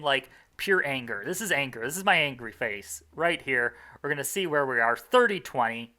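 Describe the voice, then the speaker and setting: A man's voice: mid-range voice, expressive, normal speed, hardly any pauses, sharp tone. A young man commentating his own game run in a casual, rambling, self-mocking way, full of fillers and restarts.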